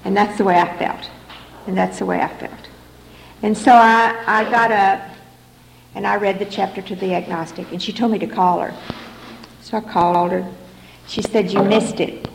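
A woman's voice: medium pitch, steady tone, moderate pace, creaky, long pauses. A middle-aged woman giving earnest, repetitive personal testimony as a speaker at a recovery meeting in a hall. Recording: echoey room recording, faint background noise.

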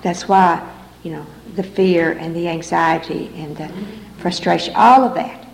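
A woman's voice: lowish voice, steady tone, a little slow, vocal fry. A middle-aged woman giving earnest, repetitive personal testimony as a speaker at a recovery meeting in a hall. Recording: echoey room recording, faint background noise.

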